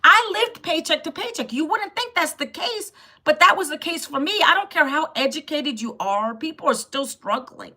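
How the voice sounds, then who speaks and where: A woman in her fifties hosts a casual live stream, chatting with viewers, responding directly to their comments as they arrive, and laughing often. Her voice sits high, with lively intonation, normal speed, and a pushed, bright quality.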